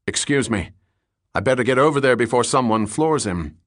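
A man's voice: medium pitch, lively intonation, a bit bright, no room sound, clean studio sound, natural voice. A man playing a polite, probing detective. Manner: polite, measured, inquiring.

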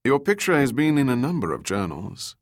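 Man doing a courtly middle-aged gentleman. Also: medium pitch, big pitch swings, fairly quick, pitched above the performer's own voice. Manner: formal, courtly phrasing. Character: tall middle-aged gallant gentleman, baroque speech.

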